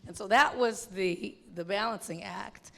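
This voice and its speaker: A woman filmmaker talking in an animated, chatty way with lots of fillers, in an onstage conversation at a film festival. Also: medium pitch, unhurried, creaky. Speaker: filmmaker guest. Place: film festival venue with an audience. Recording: long hall reverb.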